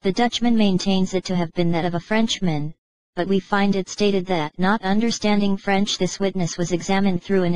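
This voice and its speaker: Low-voiced woman reading steadily. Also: dry recording, low-quality recording. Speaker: audiobook narrator. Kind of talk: scripted narration.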